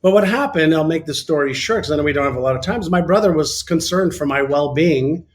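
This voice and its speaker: A man from Canada telling a candid personal story as an interview guest, animated and full of fillers. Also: on the high side, quick pace. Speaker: podcast guest.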